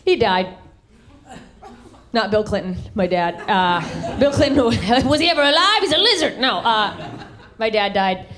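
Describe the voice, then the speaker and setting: A woman from the American South doing a live stand-up comedy set on a handheld stage mic, brash, swinging her voice high and low for punchlines. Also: expressive, measured pace, long pauses. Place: live comedy venue with audience. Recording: live show with crowd laughter. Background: audience laughter.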